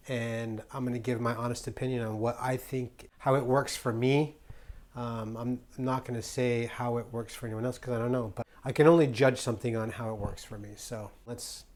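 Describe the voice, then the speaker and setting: A travel vlogger from the United States talks casually into the camera, playful and rambling, repeatedly restarting and leaning on ums and fillers. The man's medium-pitched, darkish voice has fairly even intonation and a moderate pace.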